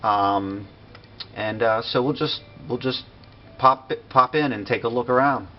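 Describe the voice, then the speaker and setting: A man giving a casual walkthrough of a building he made in a game, relaxed and full of fillers and pauses. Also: mid-range voice, soft background music. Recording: dull lo-fi recording with faint noise.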